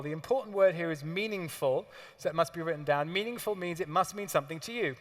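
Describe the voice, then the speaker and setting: A man telling a casual, animated story to a seminar audience. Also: fairly high pitch, long reverb tail. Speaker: trading educator speaking at a seminar. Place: seminar hall.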